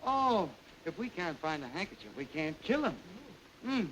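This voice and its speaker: High-pitched guy rambling through a silly sketch, playful and mock-grand. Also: very animated, normal speed, a bit bright, poor audio. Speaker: master of ceremonies. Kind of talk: comic sketch banter. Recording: hissy 1929 film soundtrack.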